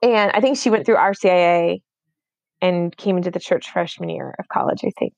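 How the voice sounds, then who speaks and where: A woman's voice: lowish voice, fairly quick, a little mellow, no echo, highs cut off. A woman in her thirties co-hosting a podcast, rambling in a casual chat with many fillers and restarts. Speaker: podcast co-host.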